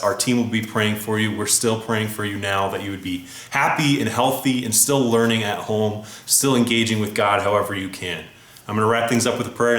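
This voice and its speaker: A man's voice: on the low side, fairly bright tone. Encouraging man talking to kids. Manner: upbeat, encouraging, speaking straight to children at home. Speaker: children's ministry leader. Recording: echoey room with music behind.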